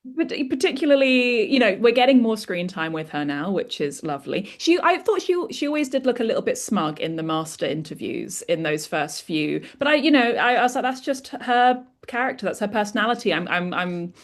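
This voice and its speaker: A woman's voice: fairly low pitch, very animated, a little fast. A woman guest co-hosting a podcast, chatting casually and enthusiastically about a TV show. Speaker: guest co-host.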